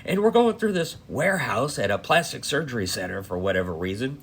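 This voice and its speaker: A man's voice: medium pitch, very animated, brisk, husky. A middle-aged man casually recounting a dream, profane and rambling, with lots of fillers. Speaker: dream storyteller.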